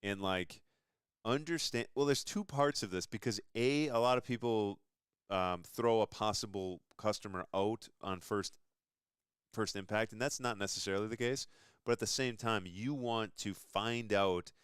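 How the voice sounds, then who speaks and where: A man's voice: on the low side, normal speed, smooth, no echo, studio quality. A young man hosting a casual interview chat, talking enthusiastically and rambling between points. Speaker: show host.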